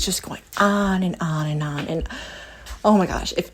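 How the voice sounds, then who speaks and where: A woman in her thirties hosting a podcast, telling stories in a casual, animated way. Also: on the low side, measured pace. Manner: animated, laughing storyteller. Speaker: podcast host.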